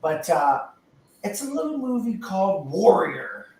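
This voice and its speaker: A man's voice: sits high, sing-song, a little slow, darkish tone. An older man casually and enthusiastically telling a long rambling story about a movie on a panel. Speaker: podcast panelist. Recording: echoey, distant from the mic.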